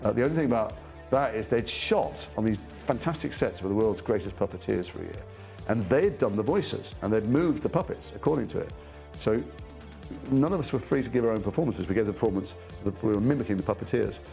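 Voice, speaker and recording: A man's voice: on the low side, lively intonation, a little fast, vocal fry, dark tone, faint music behind. A middle-aged man, an actor recounting anecdotes from his career in a thoughtful interview, often trailing off and restarting.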